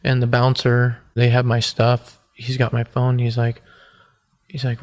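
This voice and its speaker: A man in his forties from the United States, telling his own hard story on a podcast. He speaks earnestly and haltingly, restarting his sentences often. His voice stays almost completely flat and level, at a middling pitch. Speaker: podcast guest. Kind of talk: personal testimony in an interview.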